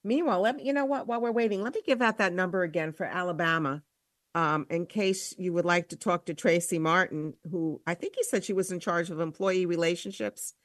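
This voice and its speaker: An older woman from New Jersey with a New Jersey accent, co-hosting a call-in radio show in a chatty way, laughing easily and reading out numbers slowly. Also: lowish voice, no room sound, clean studio sound. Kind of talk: casual radio chat.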